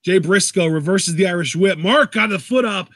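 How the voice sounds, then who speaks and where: A man with a fairly high voice talks through a live wrestling show, mixing chatty trivia with quick calls of the moves. The sound is dry and close to the mic. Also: a bit bright, no echo. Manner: chatty, fact-checking, quick play-by-play. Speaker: co-host, wrestling commentator. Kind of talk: casual live reaction commentary.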